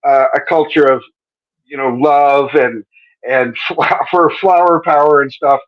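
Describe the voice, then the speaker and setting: A man with a fairly high voice hosts a live-stream interview over a video call, joking and rambling as he goes. The audio is dull and lo-fi. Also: steady tone, unhurried. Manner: joking, rambling, self-correcting. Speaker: interview host.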